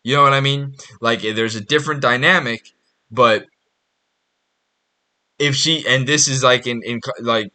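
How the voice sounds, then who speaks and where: Man, podcast host, casual monologue, blunt and profane, bright forceful tone, trips over his words. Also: mid-range voice, a little slow, long pauses. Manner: blunt, profane and rambling with frequent restarts.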